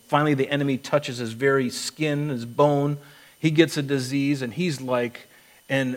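A man in the pulpit delivers his sermon with earnest conviction, acting out the words of others and stumbling into restarts as he builds a point. His voice sits at a mid pitch, neither deep nor high. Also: poor audio. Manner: earnest preaching with acted-out quotes and restarts. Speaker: pastor.

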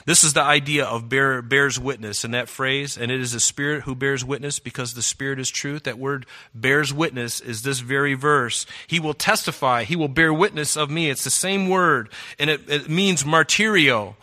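Bright-voiced, earnest male preacher. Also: medium pitch, normal speed, hardly any pauses. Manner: earnest, reads verses aloud and explains them. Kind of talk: sermon with scripture reading.

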